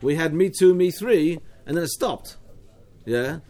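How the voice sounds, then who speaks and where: A man's voice: a little high, lively intonation, a little slow, a little mellow. A man with an Australian accent teaching a Talmud study class, explaining step by step with frequent restarts and asides.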